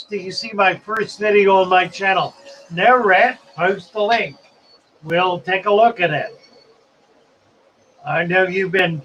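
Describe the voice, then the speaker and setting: A man's voice: high voice, a bit bright, dull audio, a little hiss or hum. A man hosting a live stream in a casual, chatty way, reading viewer comments aloud and musing as he goes.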